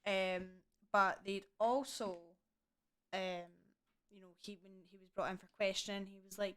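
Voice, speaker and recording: A woman's voice: mid-range voice, little pitch movement, a little slow, fairly bright tone. A young woman casually chatting through a true crime case, indignant and swearing freely. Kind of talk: casual chat.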